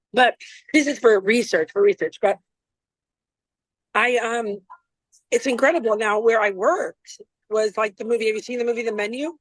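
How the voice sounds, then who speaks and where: A woman's voice: on the high side, a little slow, long pauses, breathy edge, dry recording, low-quality recording. Chatty rambling woman chef, dry sound. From Florida, US. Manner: chatty, rambling, self-deprecating. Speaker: chef and guest. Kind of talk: casual interview chat.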